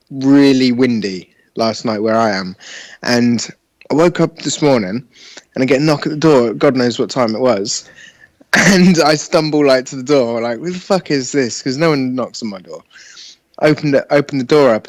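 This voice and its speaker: A man's voice: medium pitch, no echo. A man co-hosting a gaming podcast, telling a rambling, sweary story and laughing along. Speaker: podcast co-host. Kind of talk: casual storytelling chat.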